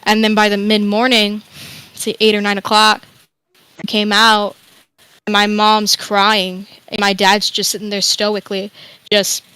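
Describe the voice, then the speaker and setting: A woman's voice: medium pitch, completely flat delivery, a little slow, sharp tone, clean tone, no room sound, poor audio. A young woman guest telling a candid, rambling personal story, sometimes swearing. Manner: rambling, emotional, swears freely. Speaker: interview guest.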